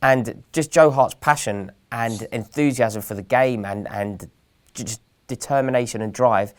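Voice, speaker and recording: A young man from England hosting a casual football chat, earnest and measured with a touch of dry sarcasm. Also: mid-range voice. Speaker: host.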